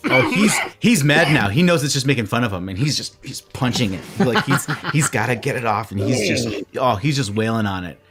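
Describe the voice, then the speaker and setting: A man playing a tabletop game, describing his character's actions in an animated way. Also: mid-range voice, fairly quick, hardly any pauses, background noise. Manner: animated, restarts sentences while describing. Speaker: player.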